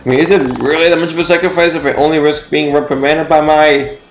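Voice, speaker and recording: A man's voice: a little high, level tone, fast. A man doing gameplay commentary, reading game text aloud, jokey and sarcastic and swearing freely. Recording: echoey room with faint game music.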